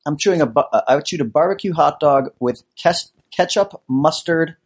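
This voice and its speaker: A man's voice: fairly high pitch, moderate pace, husky. A man from the United States co-hosting a comedy podcast, telling stories in a rambling, restarting way. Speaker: podcast co-host. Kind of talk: casual chat.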